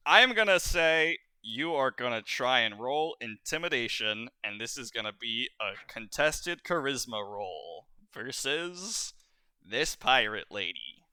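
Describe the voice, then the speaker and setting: A man narrating a tabletop game as game master, animated and often laughing. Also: mid-range voice, unhurried, clean tone, no echo.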